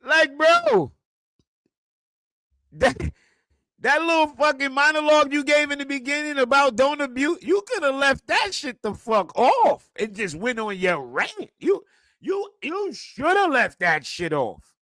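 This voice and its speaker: A man ranting profanely on a livestream, swinging between quiet muttering and loud outbursts. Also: very high-pitched, big pitch swings, unhurried, no echo. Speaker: streamer and football content creator. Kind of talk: casual livestream rant.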